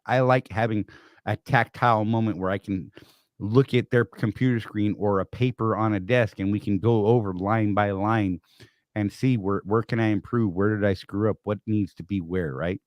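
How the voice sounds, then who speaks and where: A man's voice: on the low side, fairly even intonation, moderate pace, no echo. Rambling, storytelling man, dry sound. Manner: rambling storyteller with frequent restarts. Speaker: co-host. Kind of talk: casual live-stream chat.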